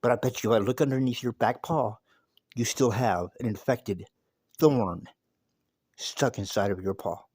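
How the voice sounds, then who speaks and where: A man voicing a calm, knowing little male mouse who talks in a soothing, street-casual way. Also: mid-range voice, normal speed, husky, no echo, studio quality, close to an everyday voice. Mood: calm, reassuring.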